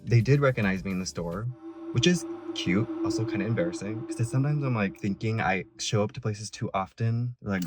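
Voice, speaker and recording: A man's voice: medium pitch, brisk, darkish tone, soft background music. A young man vlogging in casual chat, chatty with campy asides.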